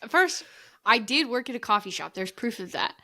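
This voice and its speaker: A woman's voice: fairly high pitch, animated, moderate pace, pushed and bright. A woman co-hosting a podcast who teases and chimes in with playful remarks in casual chat. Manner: playful, teasing interjections.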